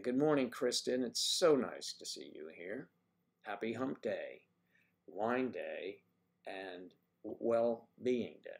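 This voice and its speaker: Low gravelly man hosting a livestream. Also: a little mellow. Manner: playful, teasing, chatty with viewers. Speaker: livestream host reading viewer comments. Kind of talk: casual livestream chat.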